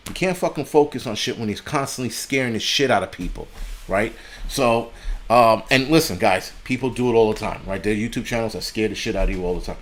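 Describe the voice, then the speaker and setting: A man's voice: on the low side, fairly quick. A middle-aged man from the United States hosting a casual live stream, rambling and swearing freely and breaking off to thank donors. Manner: profane, rambling, sidetracks to read donations.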